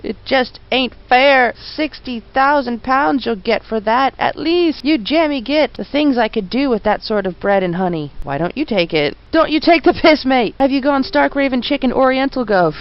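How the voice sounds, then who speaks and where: A woman's voice: sits high, expressive, moderate pace, hardly any pauses, dull audio, pitched above the performer's own voice. Woman putting on a brash cockney policeman. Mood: envious. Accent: put-on Cockney. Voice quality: brash slangy bark. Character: envious cockney male policeman, greedy and crude.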